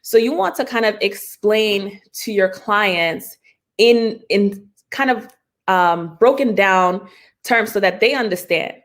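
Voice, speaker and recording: A woman's voice: mid-range voice, slow pace. A woman intellectual property lawyer giving a conversational continuing-education talk, explaining plainly with everyday examples and mock client talk, laughing often between fillers and restarts, over a video call.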